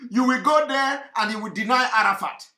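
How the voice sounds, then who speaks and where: A man giving impassioned political commentary, fervent and repetitive, often breaking into shouts. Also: very high-pitched, brisk. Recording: echoey room.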